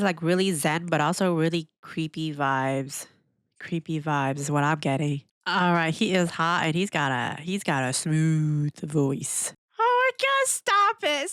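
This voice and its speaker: A woman hosting a reaction video in casual commentary, animated and exclamatory, laughing often and asking lots of questions. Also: deep voice, clean tone, no echo, clean studio sound. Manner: asks rhetorical questions.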